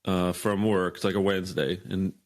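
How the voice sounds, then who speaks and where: A man in his fifties, a podcast guest, telling a workplace story in a lively way and acting out the dialogue. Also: deep voice, moderate pace. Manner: animated storyteller, acts out quoted dialogue. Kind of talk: storytelling in an interview.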